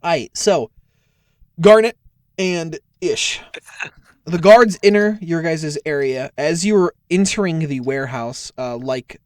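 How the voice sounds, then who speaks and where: A man's voice: mid-range voice, a little mellow, dry recording, clean studio sound. A young man running a tabletop game as game master, narrating in a casual, filler-heavy way with cursing.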